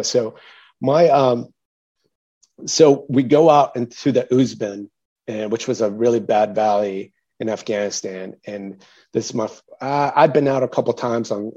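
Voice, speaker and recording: A man recounts a story as a guest, in a relaxed, mellow voice full of fillers and restarts. He gets animated and louder whenever he quotes someone. The recording sounds somewhat dull and lo-fi. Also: mid-range voice. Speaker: interview guest, military veteran. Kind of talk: casual storytelling.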